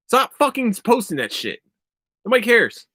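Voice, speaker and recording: A man's voice: very high-pitched, huge pitch swings, normal speed, pushed and bright, no room sound. A young man hosting his own podcast, ranting casually and profanely. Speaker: podcast host. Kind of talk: casual solo podcast rant.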